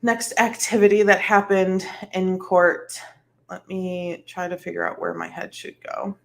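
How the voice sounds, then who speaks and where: A woman's voice: fairly low pitch, steady tone, unhurried, creaky. A tired woman hosting a casual vlog chat, rambling with lots of "like" and "um" and the odd sigh. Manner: rambling, full of "like" and "um", sighing. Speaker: host. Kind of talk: casual chat about a livestreamed trial.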